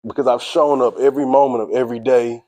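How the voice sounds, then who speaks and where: A man giving a motivational speech to a sports team, energetic and preachy, speaking in casual slang and calling out to his listeners. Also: medium pitch, fast talker, poor audio. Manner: casual slang, drawls "y'all".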